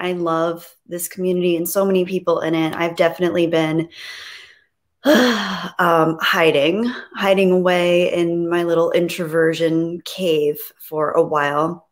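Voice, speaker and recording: Soft-spoken woman hosting a live stream. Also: on the low side, steady tone, unhurried. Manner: reads chat messages aloud and greets viewers; soft, reflective and hesitant when talking about grief. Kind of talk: casual live-stream chat.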